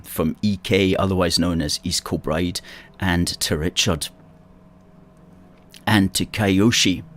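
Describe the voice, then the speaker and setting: A man with a Scottish accent from Ayrshire hosts a casual livestream in a low, deep voice. He reads viewer comments aloud and answers them in a chatty way, with the odd wry aside. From Scotland, Ayrshire. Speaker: host of a political livestream.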